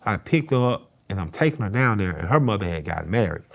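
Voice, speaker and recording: A man's voice: lowish voice, big pitch swings, fast, gravelly. A middle-aged man, a guest in an interview, telling a personal story in a plain-spoken, earnest way and swearing casually.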